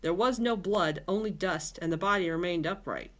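A woman's voice: fairly low pitch, moderate pace. A woman podcast host reading a novel aloud, with chatty asides and filler words. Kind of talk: casual storybook reading.

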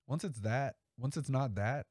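A man's voice: mid-range voice, unhurried, a little mellow, dry recording, studio quality. A man hosting a podcast in a casual, rambling way, swearing freely and leaning on "like" and "you know". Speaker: podcast host. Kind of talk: casual chat.

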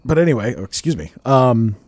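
A man's voice: medium pitch, very animated, brisk, darkish tone, dry recording. Man, podcast host, casual chat, profane, rambling, dry studio sound.

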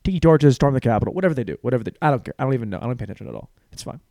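Rambling, profane man with a lively voice. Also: medium pitch, racing, vocal fry, no echo, studio quality. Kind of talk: crude comedic monologue.

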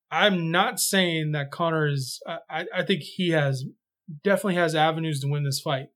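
A man co-hosting a casual sports podcast, rambling with lots of fillers and restarts as he gives his picks. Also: a little high. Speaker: podcast co-host.

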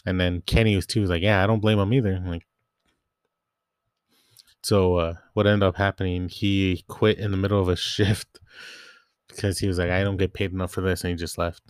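Low-voiced young man ranting about work. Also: flat delivery, normal speed, long pauses, smooth, no room sound, clean studio sound. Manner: rambling, quotes coworkers, frequent "like". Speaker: grocery store worker. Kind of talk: casual storytelling rant.

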